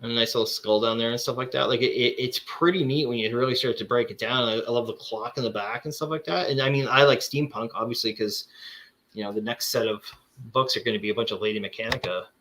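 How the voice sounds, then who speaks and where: A man's voice: medium pitch, fast, fairly bright tone, slight background noise. A man hosting a casual chat, showing off comic books and rambling with lots of fillers and restarts. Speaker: comic collector host.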